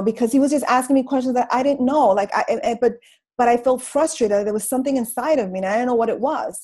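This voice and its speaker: A middle-aged woman telling her story on a video call, in a comical, slangy, animated way. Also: on the high side, breathy edge, poor audio. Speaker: guest speaker sharing her story. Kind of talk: casual motivational talk on a video call.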